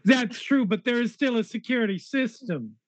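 High-voiced man in muffled call audio. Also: animated, moderate pace, no echo. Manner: rambling, swears freely. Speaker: tabletop role-play player. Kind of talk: in-character role-play chat.

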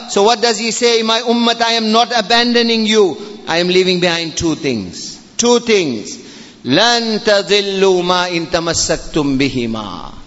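A man preaching a Friday sermon in a mosque, emphatic and impassioned, building to near-shouts. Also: high voice, in a large hall, muffled recording. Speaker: imam giving a Friday sermon.

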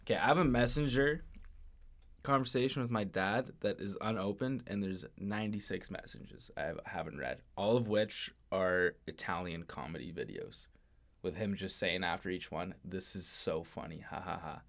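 Young man, podcast co-host, casual banter, wry and joking, bright tense tone. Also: low-pitched, normal speed. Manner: wry, joking asides, swears.

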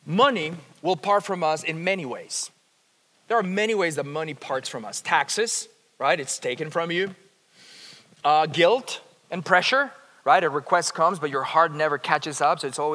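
A man preaching a sermon as pastor, shifting between hushed, quiet passages and emphatic, rising ones. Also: a little high, big-room sound. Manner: dynamic, swings from hushed to emphatic.

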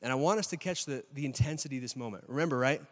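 In a large hall, a man of medium pitch preaches as pastor at a rapid-fire clip. His sermon is animated storytelling, and he keeps asking the congregation questions.

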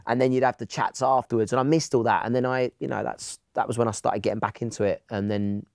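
A man's voice: mid-range voice, flat delivery, quick pace, vocal fry, a little mellow, no echo, clean studio sound. A man with an Essex accent, a podcast guest telling stories in casual chat, with lots of restarts. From England. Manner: chatty storyteller, many restarts.

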